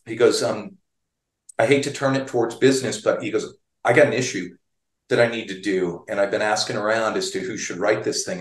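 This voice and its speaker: A man's voice: on the low side, roomy sound. Chatty male guest telling a story. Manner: chatty storyteller with many restarts. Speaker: guest, guitar magazine writer. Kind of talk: storytelling interview.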